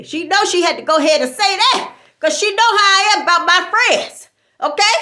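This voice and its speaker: A woman telling a comic story as a sassy church lady, animated and preachy. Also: very high-pitched, a little fast. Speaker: comedian. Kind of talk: comedic storytelling monologue.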